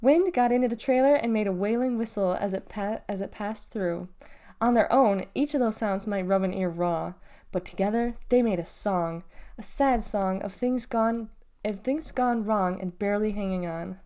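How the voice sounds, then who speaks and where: A woman reading a children's novel aloud in a lively, expressive storytelling manner. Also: mid-range voice, normal speed. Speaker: reader.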